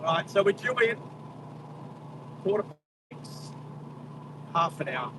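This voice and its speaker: Chatty high-voiced Australian man driving. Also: expressive, slow pace. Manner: chatty, exclaims at wildlife, talks to live chat. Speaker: driving livestream host. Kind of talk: casual live driving commentary. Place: inside a moving car on a country road. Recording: distant car mic with road noise.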